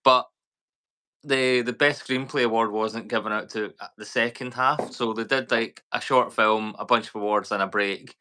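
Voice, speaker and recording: A Scottish man co-hosting a casual podcast, his voice bright and forceful at a middle pitch. He tells rambling, animated stories. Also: moderate pace. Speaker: podcast co-host. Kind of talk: casual chat.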